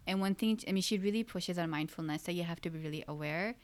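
Woman, slightly low pitch, smooth and clear voice, thoughtful and supportive in casual conversation. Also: quick pace.

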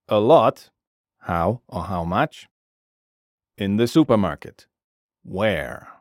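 A man narrates a scripted grammar lesson at an unhurried pace, spelling out each example and its translation. His voice sits low but moves up and down a lot. The sound is dry, with no room around it. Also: dry recording. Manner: slow, measured, explains each word with its translation. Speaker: language teacher.

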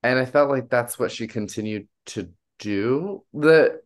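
A man's voice: mid-range voice, measured pace. A man chatting as a podcast guest, candidly sharing his reactions and laughing along. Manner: candid, giggly, talks through reactions. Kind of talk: casual chat.

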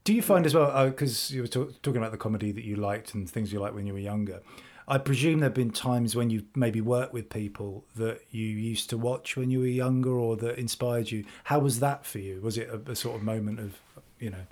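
Podcast host, man, quick and hesitant, mid-pitched casual chat. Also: a little mellow. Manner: fast, hesitant, full of fillers and restarts.

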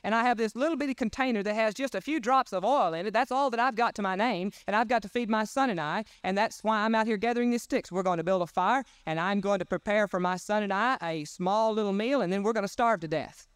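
A man's voice: sits high, quick pace, few pauses, fairly bright tone, clean tone, dry recording, studio quality. A man voicing a poor, desperate widow woman in a retold Bible story, exasperated and pleading.

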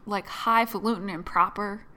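A woman co-hosting a podcast in casual chat, unhurried and quick to laugh. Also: mid-range voice, steady tone, sharp tone. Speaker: podcast co-host.

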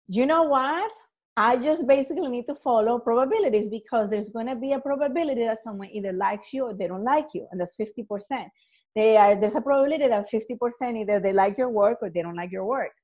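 A woman's voice: fairly high pitch, darkish tone. A woman educator talking casually to the camera, chatty, with many fillers and frequent laughs.

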